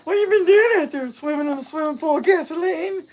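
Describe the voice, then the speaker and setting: A man putting on a high mocking voice of a nagging wife teasing her husband. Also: a little fast, a little mellow, a little hiss or hum, low-quality recording. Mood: scolding.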